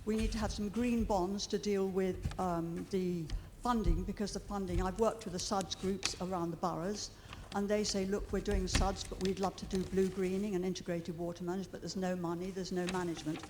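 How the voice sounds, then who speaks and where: A woman's voice: lowish voice, little pitch movement, fairly quick, few pauses, long reverb tail, background noise. A middle-aged woman campaigner addressing a committee, earnest and hesitant with frequent ums. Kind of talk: public statement. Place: large meeting chamber.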